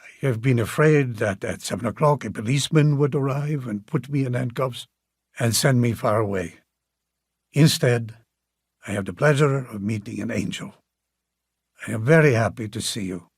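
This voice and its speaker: A man voicing a courteous, slightly shy old gentleman in an audiobook, speaking softly with formal, old-fashioned phrasing. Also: mid-range voice, moderate pace, husky, dry recording, clean studio sound. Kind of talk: audiobook character reading.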